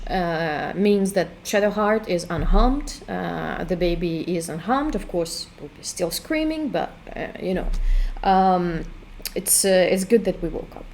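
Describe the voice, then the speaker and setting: A woman giving casual walkthrough commentary on her own game, thinking aloud with hesitant pauses. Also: mid-range voice, a little mellow, slight background noise. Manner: hesitant, full of fillers and restarts while thinking aloud. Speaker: game creator demonstrating her work.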